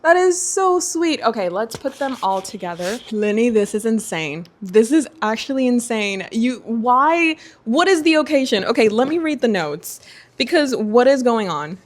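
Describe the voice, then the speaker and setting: Gushing, excitable young woman. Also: a little high, moderate pace. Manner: gushing and excitable, many exclamations. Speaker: booktuber. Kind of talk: casual unboxing vlog.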